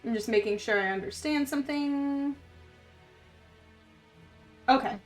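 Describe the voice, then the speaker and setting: A high-voiced woman runs a tabletop game as its game master. She narrates at an unhurried pace, filling pauses with ums. She gets bursts of excitement at good dice rolls. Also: faint music behind.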